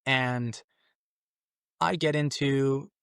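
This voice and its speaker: A podcast guest from Mexico recounts his personal conversion in conversation, speaking in a steady tone with drawn-out words and vocal fry, in clean, echo-free studio sound. He rambles earnestly, restarts often, and voices his old exclamations in a louder, higher pitch.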